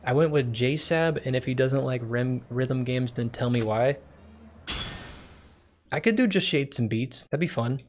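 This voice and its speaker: A young man chatting casually as he streams a game, rambling and thinking out loud. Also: mid-range voice, unhurried, a little hiss or hum. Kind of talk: casual gameplay commentary.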